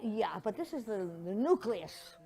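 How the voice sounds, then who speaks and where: An older woman's warm, creaky, mid-range voice is very animated yet unhurried. She's giving a memorial slideshow reflection, telling a church audience chatty, playful stories and slipping into mocking put-on voices.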